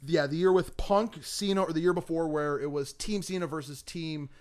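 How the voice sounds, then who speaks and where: A man co-hosting a casual podcast chat, telling stories with animated acted-out quotes. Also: a little high, moderate pace. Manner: animated storyteller, acts out quotes. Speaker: podcast co-host.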